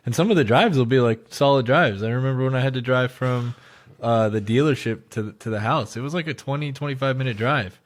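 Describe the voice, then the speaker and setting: A man's voice: medium pitch, brisk. Chatty young man, easygoing. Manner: talkative, easygoing, sprinkles "like". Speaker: podcast co-host. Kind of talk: casual chat.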